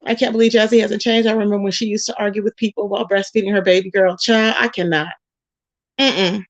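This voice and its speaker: A woman's voice: medium pitch, fairly even intonation, fast, dry recording. A woman hosting a commentary channel, ranting bluntly and scolding someone, repeating her points and drawing out words for emphasis. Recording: dull lo-fi audio.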